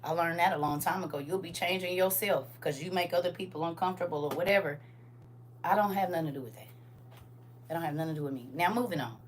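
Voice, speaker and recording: A woman's voice: fairly low pitch, a little fast, breathy edge. A grandmother hosting a casual livestream, talking sassily and directly to her viewers from her phone. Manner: sassy, animated, talks straight to viewers.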